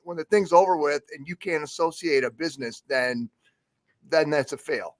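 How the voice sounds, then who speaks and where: Higher-voiced, wry radio newsman. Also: moderate pace. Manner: easygoing, wry, self-deprecating. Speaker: radio news anchor. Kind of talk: casual talk radio banter.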